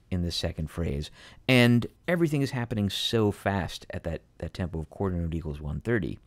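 Low-voiced patient male piano teacher. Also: a little mellow, dry recording. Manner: patient, methodical, emphatic explanations. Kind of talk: explaining a piano piece to students.

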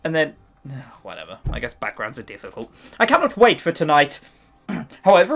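A man's voice: on the high side, huge pitch swings, normal speed, gravelly, fairly bright tone. A man reading a visual novel aloud and breaking in with sarcastic, mocking asides about it. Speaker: visual novel let's-player.

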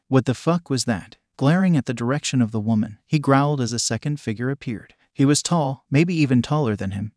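A man narrating a fan-fiction story in a steady storytelling manner. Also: medium pitch, dry recording, clean studio sound.

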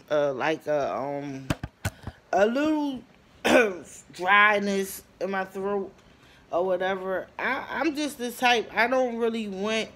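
A woman in her twenties talking casually to her viewers, telling her story with lively bursts and lots of fillers and pauses. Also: mid-range voice. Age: 20s. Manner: chatty, animated storytelling, addresses viewers as y'all; frequent fillers and trailing pauses. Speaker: vlogger. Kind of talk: casual talk to camera.

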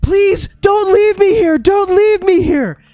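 A man voicing desperate screaming ghosts of the dead in a tabletop game, with shrill, shrieking cries. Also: slow, mellow, no room sound. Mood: panicked.

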